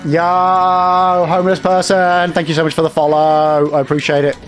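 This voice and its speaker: A man's voice: on the high side, level tone, normal speed, soft background music. A man livestreaming a game, chatting with viewers and swearing at enemies. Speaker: game streamer. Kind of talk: live gameplay commentary chatting with viewers.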